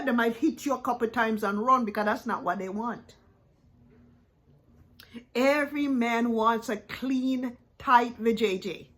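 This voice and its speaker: A woman with a somewhat high-pitched voice delivers a ranting reaction commentary. She talks bluntly and scolds, lecturing the person she addresses point by point. She sounds middle-aged. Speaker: YouTube reactor.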